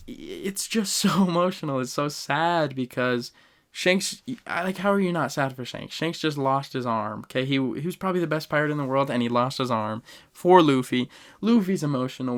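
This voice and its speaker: A young man hosting a podcast, casually ranking anime moments with animated, emotional storytelling and slang. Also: medium pitch. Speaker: podcast host.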